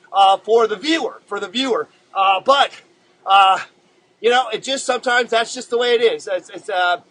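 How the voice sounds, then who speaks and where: Hosting a laid-back drawing livestream, a high-pitched man rambles, calls his viewers "guys," and often pauses on filler words. His tone is sharp. The audio is poor, with slight background noise.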